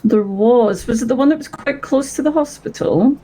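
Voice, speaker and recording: A woman's voice: a little high, normal speed, mellow, low-quality recording. A woman role-playing in a video game, playful and giggly.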